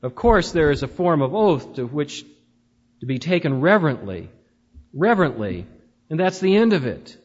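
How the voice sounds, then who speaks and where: A preacher reading as a huffy, stuffy magistrate. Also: male voice, a little high, very animated. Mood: irritated. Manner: brisk, huffy and disapproving. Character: stuffy irritable male court magistrate. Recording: dull, reverberant hall recording.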